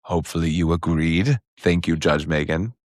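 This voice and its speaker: A man co-hosting a podcast, chatting casually and joking in quick bursts. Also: very deep voice, dry recording, clean studio sound. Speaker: podcast co-host. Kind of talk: casual chat.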